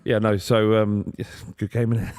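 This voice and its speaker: A man's voice: lowish voice, level tone, moderate pace, darkish tone, clear, resonant tone. A man co-hosting a football watchalong, rambling and laughing often as he chats with the lads. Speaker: podcast co-host. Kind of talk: casual football watchalong banter.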